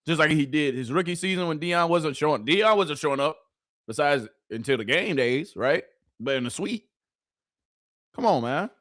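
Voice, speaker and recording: A man's voice: a little high, lively intonation, moderate pace, fairly bright tone, dry recording. Heated man reacting, dry close mic. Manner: incredulous, heated, swears freely. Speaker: sports reaction host. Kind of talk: casual reaction commentary.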